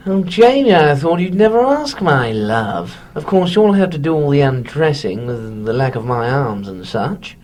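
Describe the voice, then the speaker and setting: Pompous talking head, low voice, sing-song delivery, condescending. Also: female voice, expressive, normal speed, few pauses, a little mellow. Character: pompous severed-head male cemetery landlord.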